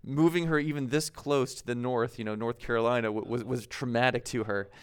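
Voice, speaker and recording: A man's voice: mid-range voice, fairly even intonation, fairly quick, clear, resonant tone. A man in his thirties from the United States, preaching a conversational sermon as pastor, laughing at himself now and then.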